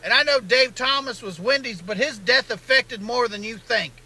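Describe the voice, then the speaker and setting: A man's voice: very high voice, moderate pace, pushed and bright, exaggerated voice, low-quality recording. A comedian playing an indignant Southern man ranting about his favorite restaurant, in a folksy Southern drawl. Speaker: comedian in a satirical clip.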